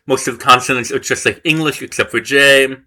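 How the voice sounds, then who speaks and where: Bright-voiced man thinking aloud. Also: medium pitch, fairly even intonation, fairly quick. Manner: thinks aloud, reads course text and reacts. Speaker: language learner vlogger. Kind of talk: casual self-study commentary.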